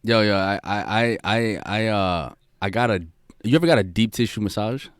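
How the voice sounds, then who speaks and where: A man's voice: fairly low pitch, moderate pace, clean tone, dry recording, clean studio sound. A man co-hosting a podcast in laid-back, slangy casual chat, often repeating himself. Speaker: podcast co-host.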